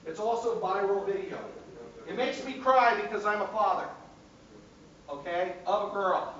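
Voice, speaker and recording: Lecturing teacher, man with a high voice, taped from the back of an echoey, dull-sounding classroom. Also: normal speed, fairly bright tone, distant mic. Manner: keeps checking in with the class.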